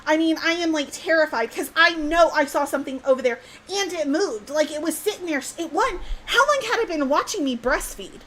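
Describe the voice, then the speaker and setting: A woman's voice: high-pitched, fairly quick, hardly any pauses, a little hiss or hum, poor audio. A young woman, a podcast host animatedly telling a scary story in casual chat. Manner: animated, excitable, swears mildly.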